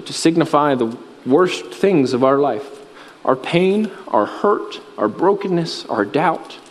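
A man preaching a sermon as a pastor, earnest and repetitive, with emphatic pauses. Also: on the high side. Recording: reverberant hall.

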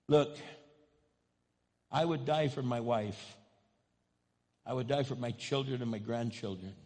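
Impassioned slow-preaching man in a reverberant hall. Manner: impassioned preaching, rising to loud high cries. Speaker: pastor. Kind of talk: sermon.

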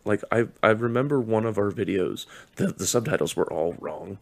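A man's voice: lively intonation, normal speed. A man co-hosting a podcast, talking bluntly and crudely in casual banter. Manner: gravelly, blunt and profane, gasps and laughs easily. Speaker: podcast co-host. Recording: scratchy low-quality audio.

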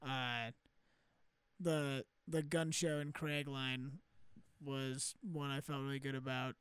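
A man's voice: medium pitch, fairly even intonation, takes it slowly, a bit bright, clear, resonant tone, no room sound. A young man, a stand-up comedian co-hosting a podcast, chatting casually and rambling with many ums and restarts.

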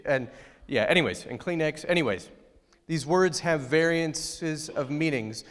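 A man's voice: on the high side, moderate pace, a bit bright, in a large hall. A pastor giving a conversational, joking sermon and asking his congregation questions. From outside Ohio, United States.

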